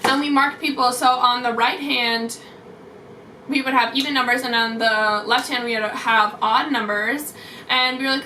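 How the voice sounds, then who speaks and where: A young woman telling a story in a casual, excitable vlog, full of "like"s, heard off-mic in an echoey room with faint hiss. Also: fairly high pitch, distant mic. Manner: excitable, fast, many "like"s. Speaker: vlogger.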